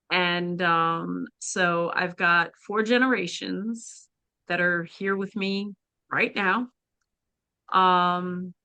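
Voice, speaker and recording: Woman guest, earnest halting storyteller, bright tone, slow delivery, dry close sound. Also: on the low side, smooth, no echo. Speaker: guest, spiritual practitioner. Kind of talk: personal storytelling in a podcast interview.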